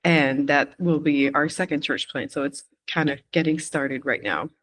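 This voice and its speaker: A woman from Quebec, Canada, talking as a missionary guest in a casual interview, easygoing and quick to laugh, pausing with "um". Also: low voice, steady tone, fairly bright tone, slight background noise. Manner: easygoing, laughs often, pauses with "um".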